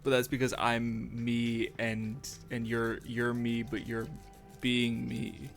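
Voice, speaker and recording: A man's voice: medium pitch, monotone, slow, gravelly, soft background music. A man streaming live as he draws, rambling through casual chat with self-mocking jokey asides. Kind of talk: casual livestream chat while animating. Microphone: streaming microphone.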